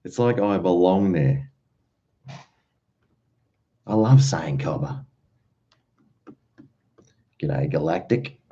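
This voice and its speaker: Deep-voiced Australian man chatting. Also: lively intonation, very slow, pauses often, dark tone. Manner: rambling, chatty, uses slang and mate. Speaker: livestream host. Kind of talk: casual chat with live viewers. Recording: dull lo-fi stream audio.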